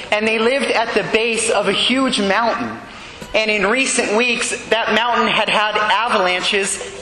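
A man preaching slowly and earnestly, telling stories with quoted dialogue. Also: high-pitched, bright, forceful tone, slight background noise. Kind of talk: sermon storytelling. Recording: echoey hall with faint ambience.

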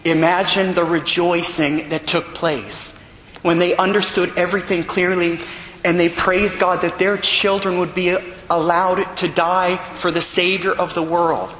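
A man preaching a sermon in an earnest, measured storytelling manner. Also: high-pitched, a bit bright, slight background noise. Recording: echoey hall with long reverb.

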